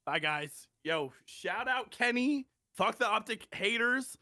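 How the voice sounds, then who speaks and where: A man's voice: high voice, expressive, slow pace, pushed and bright, dry recording, clean studio sound. Tired, giggly young male podcaster. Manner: giggly, teasing, swears casually. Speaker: podcast co-host. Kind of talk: casual chat.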